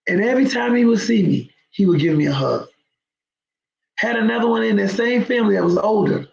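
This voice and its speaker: Host: woman with a gravelly edge, emphatic storyteller, roomy dull lo-fi recording. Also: mid-range voice, animated, a little fast, a little mellow. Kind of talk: storytelling talk to viewers.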